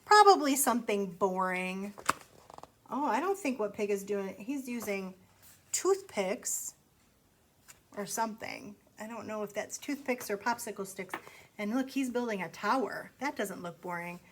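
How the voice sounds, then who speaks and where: Slow sing-song storytime woman. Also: mid-range voice, animated, fairly bright tone, slight background noise, poor audio. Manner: sing-song, pauses to ask the children questions. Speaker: storytime reader. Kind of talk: reading a picture book aloud to children.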